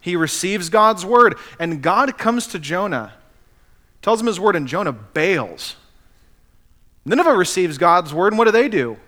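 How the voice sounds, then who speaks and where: A man's voice: sits high, very animated, measured pace, a bit bright. A man preaching a sermon as pastor, earnestly acting out the quotes he cites.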